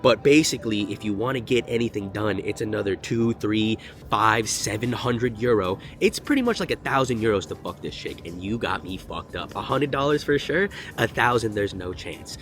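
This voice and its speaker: A young man telling a storytime vlog in an animated, slangy and profane way. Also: fairly low pitch, normal speed, hardly any pauses, a little hiss or hum. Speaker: vlogger.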